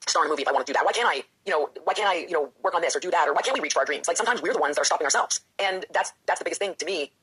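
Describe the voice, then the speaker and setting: A woman's voice: sits low, animated, racing, few pauses, fairly bright tone, slightly rough. A woman, a professional wrestler and author, talking candidly and with feeling in an interview, often acting out her own inner voice.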